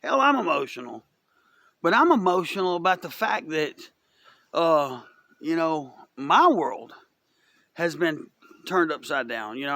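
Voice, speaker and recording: A man ranting into his camera in a casual vlog. His voice sits a little high and sounds bright and strained. He rambles and swears, restarts his sentences often, and swings between mockery and sincerity. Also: no echo. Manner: rambling, profane, talks in loose restarts; drifts between mocking and earnest. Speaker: vlogger.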